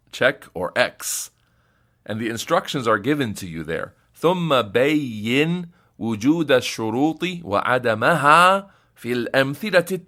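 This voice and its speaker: A man's voice: mid-range voice, a bit bright. A man teaching a recorded Arabic grammar lesson in English, patiently explaining step by step and reading Arabic phrases before translating them.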